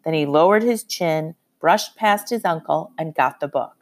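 A woman with a fairly low voice narrates a story in the first person. Her delivery is measured and expressive, like an audiobook reading.

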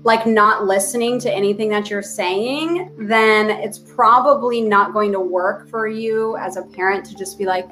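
A woman's voice: mid-range voice, measured pace, few pauses, a bit bright. Woman therapist around thirty, casual podcast guest, chatty, fillers and restarts, faint music behind.

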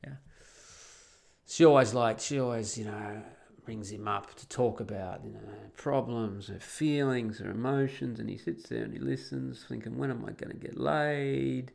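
A man's voice: mid-range voice, moderate pace, vocal fry, darkish tone. A man hosting a solo podcast, talking in a blunt, sweary, sarcastic way. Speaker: podcast host.

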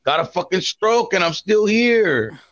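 A man's voice: high voice, animated, a little slow, fairly bright tone, dry recording, muffled recording, pitched above the performer's own voice. A man voicing his defiant older uncle, a brash, swaggering, profane man.

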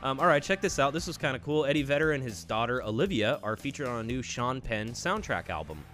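Laid-back male co-host, mid pitch, casual news chat, faint music behind. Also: fast. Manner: relaxed, easygoing, jokey.

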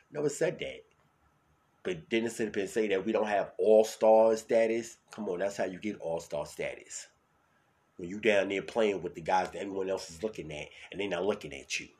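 Deep-voiced hyped new york podcast host. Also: male voice. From New York City. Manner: loud, hyped, swings between shouting and mumbling. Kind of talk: solo podcast monologue.

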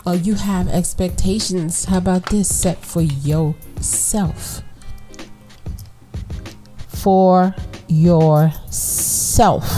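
A woman from New York hosting a podcast, giving animated, preachy relationship advice in casual slang straight to her listeners. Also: mid-range voice. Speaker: podcast host.

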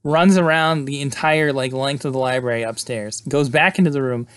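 A man's voice: mid-range voice, moderate pace, a bit bright, smooth, no room sound. A man casually recapping a movie scene by scene, rambling with lots of fillers and quoting characters along the way. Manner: rambling, lots of "like" and "uh", laughs often.

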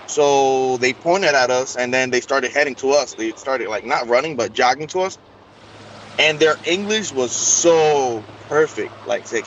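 The recording cuts off the highs and carries slight background noise as a mid-range-voiced man, unhurried, shares a long personal story with an interview host. Speaking casually and animatedly, he acts out the quoted lines.

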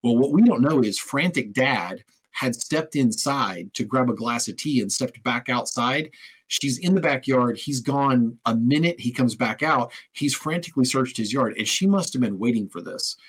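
A man's voice: medium pitch, moderate pace, slightly rough, low-quality recording. A man hosting an interview, telling stories in a casual, conversational way and acting out the lines of the people in them. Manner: storytelling, conversational, acts out quoted speech. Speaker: host.

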